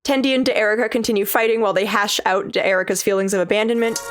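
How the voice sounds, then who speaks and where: A woman's voice: medium pitch, fairly even intonation, very fast. Woman giving a wry episode recap. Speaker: video reviewer. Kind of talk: scripted episode recap narration.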